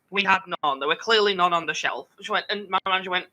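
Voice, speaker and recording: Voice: mid-range voice, quick pace, few pauses, bright, forceful tone, low-quality recording. A podcast co-host telling a work story in casual, sweary chat and mimicking customers.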